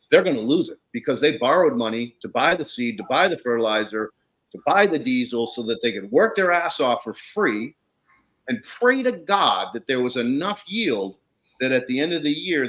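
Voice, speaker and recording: A man's voice: mid-range voice, a bit bright. A man guest telling stories in casual conversation, blunt and swearing freely. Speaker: guest, soil consultant.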